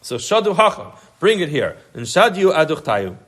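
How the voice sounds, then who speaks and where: A man's voice: fairly high pitch, very animated, moderate pace, fairly bright tone. Man teaching a Talmud class. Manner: reads Aramaic phrases then explains in casual English. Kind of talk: Daf Yomi class, reading and translating aloud.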